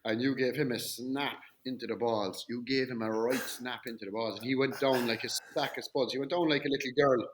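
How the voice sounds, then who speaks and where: Man hosting, telling lively anecdotes. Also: mid-range voice, brisk, few pauses, slight background noise. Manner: lively anecdotes, acts out quoted lines. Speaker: podcast host, former player. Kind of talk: casual storytelling chat.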